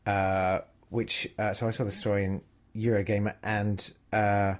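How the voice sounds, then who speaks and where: A man's voice: lowish voice, little pitch movement, measured pace. A man co-hosting a casual gaming chat, hesitant with fillers and fond of dry jokes. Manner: joking, hesitant, teasing. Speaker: gaming show co-host.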